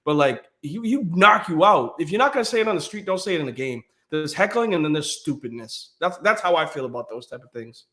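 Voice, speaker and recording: A man's voice: a little fast, few pauses. A man co-hosting a casual sports podcast, telling stories with lots of energy, acting out quotes and laughing as he goes. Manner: animated storytelling, acts out quotes in a high voice, laughs often. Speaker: podcast co-host.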